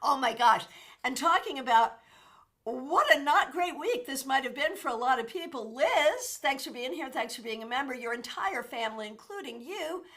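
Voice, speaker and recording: A woman hosting a casual livestream, chatting with her viewers and thanking them by name. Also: normal speed. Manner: animated, with sudden jumps in pitch and loudness. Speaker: tarot reader and livestream host.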